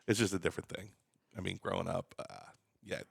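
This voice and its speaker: Gravelly New York man telling stories. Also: low-pitched, fast, no room sound, clean studio sound. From Long Island, New York. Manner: animated storyteller, acts out quotes. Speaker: DJ guest. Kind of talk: casual podcast chat.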